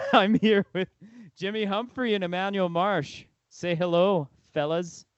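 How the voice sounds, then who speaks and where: A man's voice: high voice, steady tone, a little slow, clear, resonant tone, dry recording, lo-fi sound. A man hosting a casual podcast chat, talking in a loose, filler-heavy way and laughing easily. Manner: chatty, filler-heavy, giggly. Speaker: podcast host.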